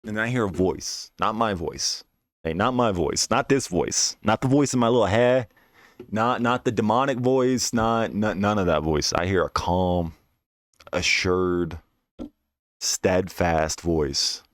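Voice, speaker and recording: A man's voice: lowish voice, moderate pace, no echo, studio quality. A young man telling a personal story on a stream in a casual, profane, slangy way, with frequent restarts and asides.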